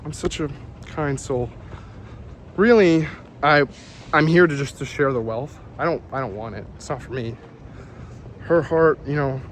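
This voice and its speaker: A man's voice: on the high side, slight background noise. Rambling man vlogging on a street. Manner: rambling, loses his train of thought. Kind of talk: casual rambling vlog. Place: outdoors on a city street, walking.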